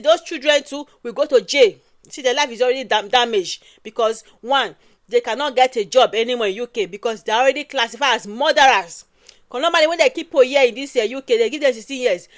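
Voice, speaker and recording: Nigerian woman, high voice, emphatic casual commentary, repeats herself, dry close sound. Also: no echo. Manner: emphatic, repeats phrases and ends with "oh".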